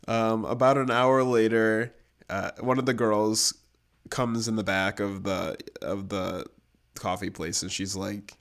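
A man's voice: fairly low pitch, slow pace, pauses often. A young man telling a funny personal story in casual chat, laughing often and acting out the people he quotes. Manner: animated, laughing, acts out quoted voices.

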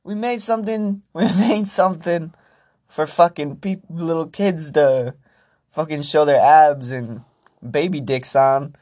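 A man putting on the voice of a sarcastic, indignant male government spokesman, cursing in an exaggerated, high, loud voice. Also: measured pace.

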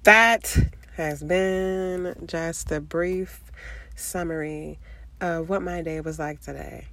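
Congested, gravelly woman in her twenties. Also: on the low side, fairly even intonation, takes it slowly, a bit bright. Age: 20s. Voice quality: nasal. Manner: rambling, filler-heavy, candid. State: congested, under the weather. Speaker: vlogger. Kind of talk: casual confessional vlog.

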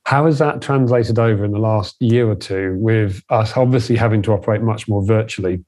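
A man's voice: lowish voice, fairly quick, darkish tone. A man hosting an interview, encouraging and chatty, asking questions with frequent restarts. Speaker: host. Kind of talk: podcast interview.

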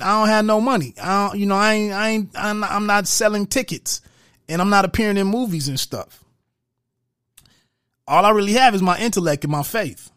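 A man's voice: high-pitched, fairly bright tone, no echo, studio quality. A man giving a casual, profane recap of a movie, acting out its scenes with quoted lines. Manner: loose, profane, retells scenes with quoted dialogue. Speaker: movie reviewer.

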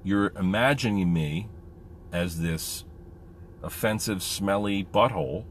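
A man's voice: low voice, big pitch swings, a little slow, pauses often, slight background noise. A man and military veteran talking candidly in a casual monologue, rambling with many fillers.

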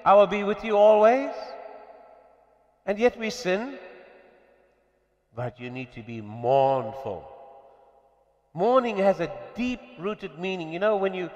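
A male preacher delivers a sermon, his voice sitting a little high and surging into emphatic peaks before dropping low. The recording is muffled and carries the long reverb of a church hall. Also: big pitch swings, slow pace, pauses often, a little mellow. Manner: rising and falling with emphatic bursts.

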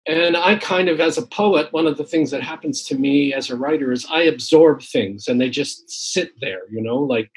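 A man's voice: a little high, normal speed, hardly any pauses, breathy edge, poor audio. A man in his sixties, a retired academic poet, telling his story in casual conversation with many fillers and restarts. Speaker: guest poet. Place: home, tree shredding outside.

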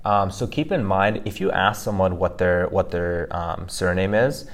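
A man's voice: deep voice, measured pace. A man co-hosting a casual lesson podcast, explaining sounds step by step and often checking in with "right?". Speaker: co-host teaching pronunciation.

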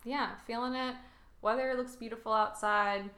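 A young woman co-hosting a podcast in casual chat, animated and quick to laugh, ranting with feeling. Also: on the high side. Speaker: podcast co-host.

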